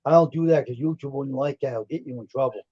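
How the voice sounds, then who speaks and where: A man's voice: mid-range voice, fast talker, mellow. A man hosting a livestream, joking around and telling blunt stories in casual chat. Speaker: livestream host. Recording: dull dry lo-fi stream audio.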